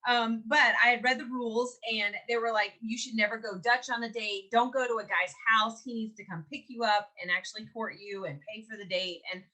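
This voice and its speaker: A woman in her forties, originally from Mississippi, tells a personal story as a podcast co-host. Her voice is bright and forward. She talks casually, slips into acted quotes and laughs as she goes. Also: a little high, a little fast, hardly any pauses. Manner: animated, laughs often, acts out quotes.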